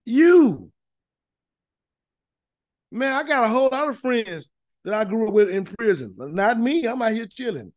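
High-voiced man teaching scripture folksily. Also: very animated, a little fast, dry recording. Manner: folksy, emphatic preaching with many repeated words. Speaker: Bible teacher. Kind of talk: informal Bible study teaching.

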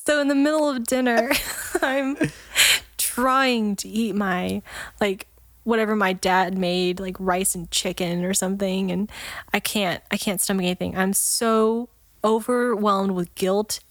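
A woman guest on a podcast, telling a story in lively casual chat, laughing often and acting out the voices of the people in it. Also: mid-range voice, measured pace, dry recording. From Texas, USA. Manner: animated, laughs often, acts out quoted voices.

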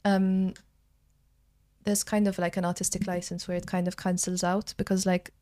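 A woman's voice: on the low side, flat delivery, moderate pace, dark tone. A young woman from Malta with a Maltese accent, a drama student chatting casually on a podcast and using lots of fillers. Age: young adult. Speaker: drama school student guest.

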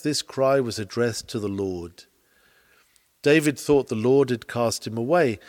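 A man reading aloud a Victorian sermon in an earnest, pleading way, full of archaic thee and thou, swinging between hushed lines and rising emphasis. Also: medium pitch. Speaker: sermon reader.

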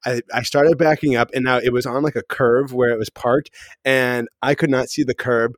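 A man's voice: mid-range voice, steady tone, normal speed, dry recording, studio quality. A man co-hosting a podcast, telling a rambling story in casual chat, laughing and restarting often. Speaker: podcast co-host.

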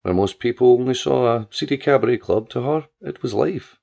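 Guy reading a story aloud, gravelly, muffled lo-fi sound. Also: mid-range voice, normal speed, hardly any pauses, a little mellow. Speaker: narrator. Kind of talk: storybook narration. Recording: dull lo-fi audio.

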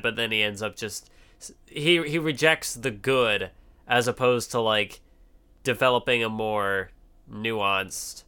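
A man casually discussing a manga series as a podcast co-host, thoughtful and halting with many restarts. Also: lowish voice, bright, forceful tone, smooth.

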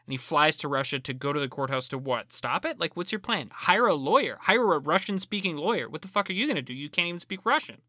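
A man with a fairly high, bright voice tears into a movie's plot with sarcastic disbelief and casual swearing. His tone is sharp and animated. The sound is dry and close to the mic. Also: fast talker, few pauses, dry recording. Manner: sarcastic, incredulous, swears freely. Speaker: podcast co-host. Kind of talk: casual movie recap chat.

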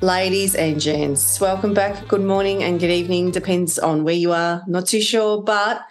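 A woman hosting a relationship podcast, upbeat and lively in casual chat, laughing easily with her guests. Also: fairly low pitch, normal speed, over music. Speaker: podcast host.

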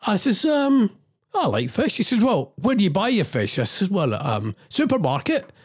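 A middle-aged man hosting a radio show, and his voice sits a bit high and swings widely in pitch. He rambles on in exasperation and keeps throwing in wry asides. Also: huge pitch swings, moderate pace, breathy edge. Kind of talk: ranting radio chat.

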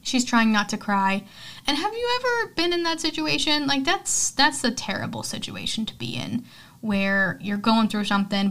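A woman's voice: medium pitch, fairly bright tone. A young adult woman hosting a podcast, recapping a film in a chatty, candid, heartfelt way with frequent "um" and "like". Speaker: podcast host.

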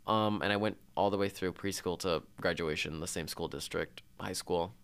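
Deep-voiced young man, teasing chat. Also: fairly even intonation, normal speed, fairly bright tone, clear, resonant tone. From Minnesota. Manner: teasing, joking. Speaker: podcast co-host. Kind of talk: casual chat.

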